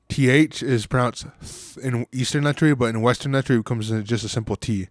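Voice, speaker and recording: A man's voice: medium pitch, fairly quick, few pauses, no room sound, clean studio sound. A man casually explaining and comparing word pronunciations, now and then stopping to rethink as he talks. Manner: casual, thinking aloud with restarts. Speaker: language hobbyist presenter.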